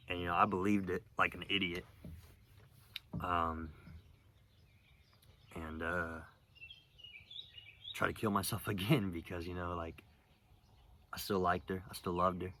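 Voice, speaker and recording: A man's voice: sits low, measured pace, pauses often, slight background noise. A young man telling a personal story in a casual, rambling way, swearing often and filling gaps with ums and likes. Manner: rambling, profane, full of fillers; gets louder and more animated in later stretch. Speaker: vlogger.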